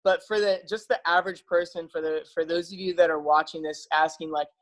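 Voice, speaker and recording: A man's voice: a little high, steady tone, a little fast, poor audio. A man speaking casually and eagerly to his viewers as a health practitioner, upbeat and persuasive, with frequent fillers. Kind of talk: casual enthusiastic talk to camera.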